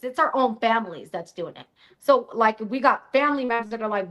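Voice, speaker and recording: Brief: woman panelist, blunt and animated, voice pitched a bit high. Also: fairly quick. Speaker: panel guest. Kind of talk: casual panel discussion.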